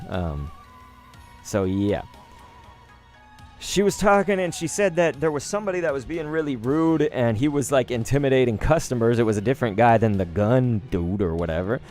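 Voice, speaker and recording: A man casually rambling through a story, full of "like" and offhand cursing. His pitch sits in an ordinary middle range, and he swings between quiet asides and livelier bursts, with faint music under him. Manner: rambling, chatty, swears casually, lots of "like". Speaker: YouTube card-opening host.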